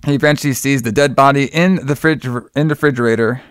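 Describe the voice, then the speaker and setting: A man talks casually through a movie's plot, his retelling loose and packed with fillers and quoted lines from the characters. He speaks fast in a smooth, resonant voice of ordinary pitch, recorded close and dry without any room sound.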